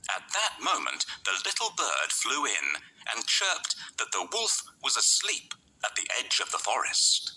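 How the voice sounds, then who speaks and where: A man narrating a bedtime fairy tale slowly and dramatically, often dropping into breathy whispers. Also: mid-range voice, huge pitch swings, pushed and bright, a little hiss or hum, low-quality recording. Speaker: storyteller.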